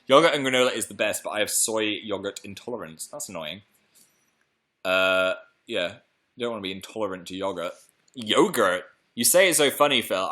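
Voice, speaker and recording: A man's voice: on the low side, bright, forceful tone. A young British man hosting a casual live stream, chatting playfully and reading out viewer comments. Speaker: livestream host.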